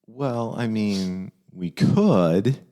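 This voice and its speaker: Low-voiced man in halting podcast chat. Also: warm tone. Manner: halting, self-deprecating, tells dad jokes. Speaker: podcast host giving fatherly advice. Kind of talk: casual chat.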